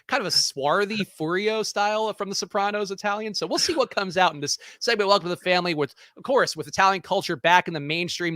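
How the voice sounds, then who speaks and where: Male co-host, fast joking talk, bright voice, dry close sound. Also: fairly high pitch, no room sound. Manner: joking, quick, talkative. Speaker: podcast co-host. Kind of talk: casual sports podcast chat.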